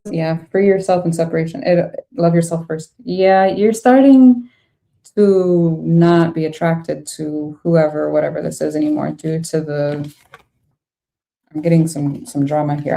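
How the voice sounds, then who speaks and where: A woman's voice: on the low side, gravelly, warm tone. A young adult woman giving a casual tarot reading to camera, blunt and exasperated, swearing freely as she reacts to the cards. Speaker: tarot reader.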